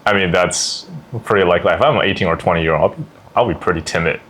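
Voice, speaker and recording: Husky low-voiced young man joking. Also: quick pace, fairly bright tone. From Canada. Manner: dry, joking, laughs between remarks. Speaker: podcast guest. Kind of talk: casual chat.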